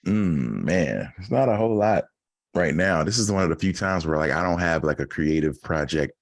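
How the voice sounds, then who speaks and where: A man with a low, deep voice chats in an easy, laid-back way, laughing often as he talks. The sound is dry and close, with no room around it. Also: lively intonation, normal speed, dry recording. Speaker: podcast guest, rapper. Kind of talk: casual interview chat.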